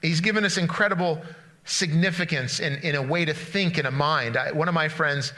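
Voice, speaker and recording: A man's voice: fairly high pitch, fairly quick, sharp tone. A male pastor giving a conversational sermon, retelling a story animatedly with frequent restarts.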